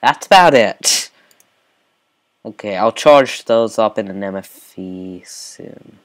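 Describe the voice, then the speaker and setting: A man's voice: lowish voice, lively intonation, slow. A man giving casual, rambling commentary over his own gameplay, with mumbled asides and lots of fillers. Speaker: let's play host.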